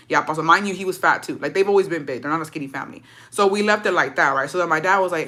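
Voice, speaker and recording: Young woman vlogger, bright tense tone, brash casual storytelling. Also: low voice, fast, few pauses. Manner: brash, profane, chatty.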